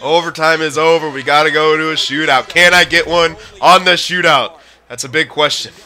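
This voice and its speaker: A young man giving excited commentary over his own gameplay, shouting at plays and muttering between them. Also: on the high side, moderate pace. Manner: yells and groans at the game, then mutters to himself. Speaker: gaming commentator.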